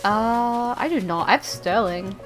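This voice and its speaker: A woman's voice: fairly high pitch, measured pace, faint music behind. A woman streamer chatting casually to her viewers while she plays, rambling and playful, often stumbling and repeating her words. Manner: playful, talks to viewers and game characters. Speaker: live streamer. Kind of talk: casual live-stream chat while gaming.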